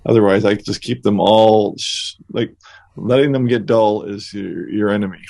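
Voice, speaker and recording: Gravelly, low-voiced podcast co-host. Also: male voice, fairly even intonation, normal speed, darkish tone, no room sound. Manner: easygoing, giving laid-back advice. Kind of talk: casual chat.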